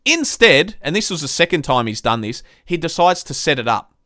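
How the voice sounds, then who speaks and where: A man's voice: a little high, very animated, moderate pace, sharp tone, no echo, studio quality. A young man hosting a live-stream football review, venting frustration with swearing as he recaps the game like a fed-up fan. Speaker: sports review host.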